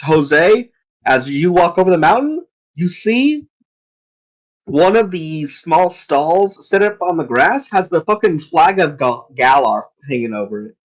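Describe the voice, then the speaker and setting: A man's voice: a little high, animated, unhurried, low-quality recording. A young man narrating as game master of a tabletop game, casual and profane, rambling as he describes the scene.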